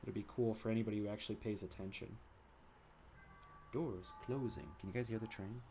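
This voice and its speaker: A man's voice: fairly low pitch, little pitch movement, rapid-fire, mellow, slight background noise. A man livestreaming as he draws at his desk, chatting casually and rambling between jokes. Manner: rambling, playful, sings silly made-up ditties. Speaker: artist streaming his drawing. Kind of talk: casual livestream chat while drawing. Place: home studio at a drawing desk.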